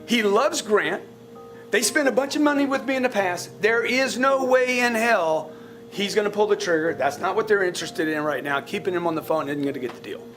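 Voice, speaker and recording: A man's voice: sits high, fairly bright tone. A man coaching his sales staff in a live group session, blunt and profane, often repeating words as he restarts a thought. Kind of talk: blunt motivational coaching talk to a team.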